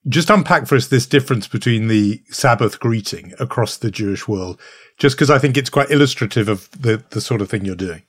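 A man's voice: mid-range voice, a little fast, husky. Male podcast host, long meandering questions, mid-range voice. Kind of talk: interview questions.

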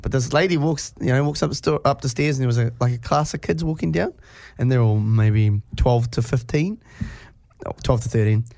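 A man's voice: mid-range voice, brisk, creaky, a little mellow, no echo. A young New Zealand man with a New Zealand accent, hosting a casual chat and telling stories broken up by sudden blurted tics. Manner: blurts out sudden vocal tics mid-story.

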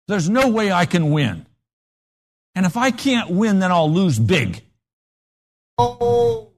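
A male preacher delivers a sermon at an unhurried pace. His voice sits a little high and swoops widely as he tells stories, and he acts out the voices of the people in them. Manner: animated storytelling with acted-out voices.

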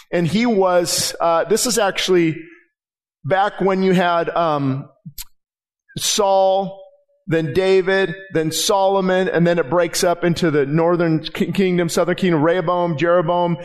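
A man preaching a sermon as pastor, impassioned, with frequent restarts and rising emphasis. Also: high voice. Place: church sanctuary.

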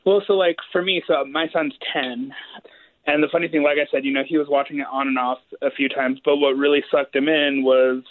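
Relaxed man on a tinny line. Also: fairly high pitch, a little fast, slight background noise. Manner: relaxed, rambling with many fillers. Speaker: podcast panelist. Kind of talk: casual chat.

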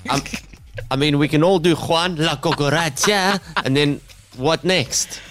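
A man's voice: fairly high pitch, a little slow, fairly bright tone, slight background noise. A man bantering on radio, self-deprecating and laughing at his own jokes. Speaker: radio prankster co-host.

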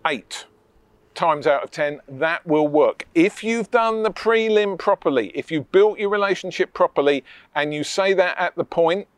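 A man coaching a room of property investors with a punchy, emphatic delivery. He keeps hammering key points and adding little tag questions. His voice sits fairly high and the sound is close and dry. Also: no echo. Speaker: property sourcing trainer. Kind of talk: energetic coaching talk.

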